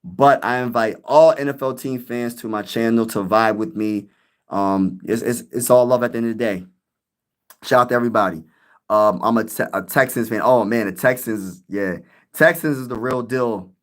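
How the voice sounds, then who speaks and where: A man's voice: medium pitch, normal speed. A young man hosting a sports live stream, chatting casually with his viewers, rambling and hyped, using lots of slang. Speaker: sports YouTuber live-streaming, answering chat.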